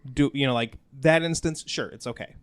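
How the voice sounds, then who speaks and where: A man's voice: medium pitch, a little fast, smooth. A man hosting a podcast in casual chat, rambling with lots of fillers. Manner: rambling, lots of "like" and "you know". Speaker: podcast host.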